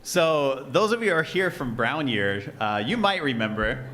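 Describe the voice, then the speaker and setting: A man's voice: mid-range voice, big pitch swings, moderate pace, a bit bright. A man speaking at an event as speaker and emcee, earnest and chatty, often amused at himself, in front of a live audience in a room. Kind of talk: speech and joke to a live audience.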